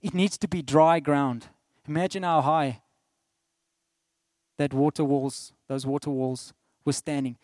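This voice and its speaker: A middle-aged South African man delivers a sermon in a slightly high voice. He swings between loud, emphatic declarations and hushed asides. The sound is dry, with little room echo. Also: steady tone, unhurried, long pauses. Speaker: pastor.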